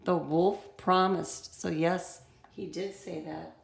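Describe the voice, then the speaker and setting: A woman teacher reads a story aloud and explains it patiently, one step at a time. Her voice has a gravelly, fry-edged texture. The sound is roomy and echoey. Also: fairly low pitch, steady tone, slow pace, crowd noise. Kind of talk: reading lesson for children.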